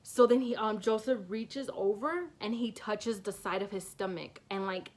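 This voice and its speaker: A woman's voice: mid-range voice, moderate pace, darkish tone. Young woman, casual storytime vlog, rambling, filler-heavy, nervous laughs. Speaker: vlogger.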